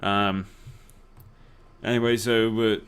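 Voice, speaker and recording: Young aussie bloke chatting over a game, kinda low voice, rambles and swears a lot. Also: male voice, little pitch movement, slow, fairly bright tone, clean tone. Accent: Australian. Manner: rambling anecdotes full of swearing and fillers. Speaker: gaming YouTuber. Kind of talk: casual let's play storytelling.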